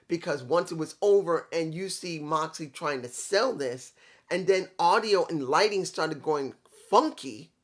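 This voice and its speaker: Guy rambling thru a wrestling recap, swears a bit, restarts a lot. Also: a little high. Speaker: wrestling show reviewer. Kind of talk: casual video review.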